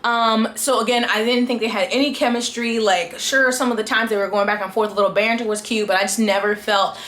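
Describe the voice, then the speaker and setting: A woman's voice: on the high side, fairly even intonation, fairly quick, a bit bright, reverberant. A woman giving an exasperated, casual book review rant and acting out the characters' lines along the way.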